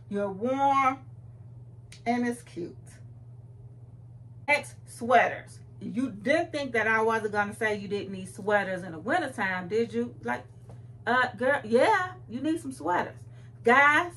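A woman's voice: mid-range voice, a bit bright, a little hiss or hum. A young adult woman, chatting playfully to camera about clothes, recorded on a phone at home. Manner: chatty, playful, talks straight to viewers. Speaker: fashion vlogger. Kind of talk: casual chat to camera.

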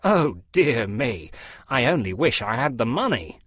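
A man's voice: medium pitch, big pitch swings, measured pace, a bit bright, no echo, studio quality. A man voicing a fussy middle-aged antique dealer who pleads in a breathless, fluttering way as if unwell. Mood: fussy modesty.

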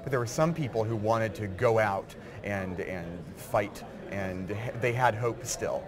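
A man with a low, steady voice explains his craft in eager rushes, as if at a busy convention floor. a loud crush of crowd chatter runs behind him the whole time. he talks in a casual, conversational interview. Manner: eager, quick bursts of explanation. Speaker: game writer guest.

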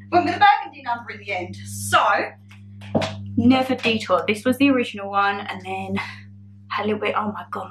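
A woman's voice: fairly high pitch, fairly bright tone, slight background noise. A young woman chatting through a getting-ready vlog at home, flustered and self-mocking. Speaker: vlogger.

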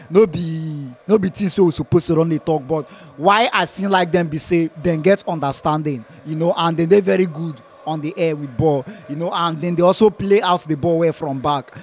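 A young man from Nigeria speaking Nigerian Pidgin English, giving a lively, laughing football match reaction. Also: a little high. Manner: lively, laughs often, repeats phrases. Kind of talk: casual post-match chat.

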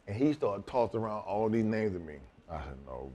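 A man's voice: lowish voice, lively intonation, fairly quick, hardly any pauses, dark tone, muffled recording. A middle-aged man telling a story in a casual interview, profane and laughing, acting out both sides of each exchange. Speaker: wrestling guest telling stories.

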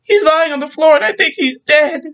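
Sweet young housewife for a read-aloud story, high and chirpy, put on by a male narrator. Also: sing-song, moderate pace. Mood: frantic, sobbing. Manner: high, sing-song and chirpy.

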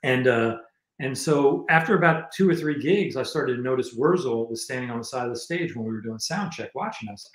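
A different man, a guest musician and filmmaker, rambles through stories in a casual interview, frequently starting over. His mid-range voice is animated and slightly fast, and the sound is roomy.

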